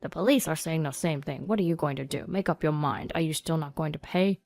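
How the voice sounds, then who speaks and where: A woman's voice: deep voice, fairly quick, vocal fry, a little mellow, no echo, faint music behind. A woman voicing a greedy, threatening old male steakhouse owner, talking in a blustering, menacing way.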